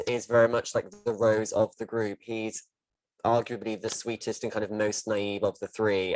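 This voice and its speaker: A man's voice: lowish voice, no echo, rough recording. A man hosting a podcast interview, who speaks in an earnest, thoughtful, analytical way. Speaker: podcast host. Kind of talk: casual interview chat.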